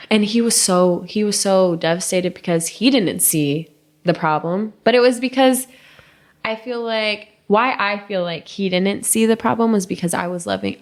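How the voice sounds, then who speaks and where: A young woman co-hosting a podcast, telling a painful personal story in a halting, emotional way that drops to a hush at hard moments. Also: medium pitch. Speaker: podcast co-host.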